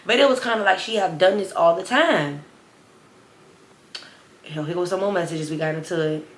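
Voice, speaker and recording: Woman, 20s, vlogger, sassy storyteller, lowish voice, echoey room. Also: moderate pace, slight background noise. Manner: sassy, animated storytelling to viewers. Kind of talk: storytime vlog. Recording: roomy echo.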